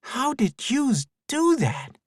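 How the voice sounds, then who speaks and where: Small boy prince, excitable, childish grammar, high voice. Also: slow, dry recording, clean studio sound, full character voice. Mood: awed.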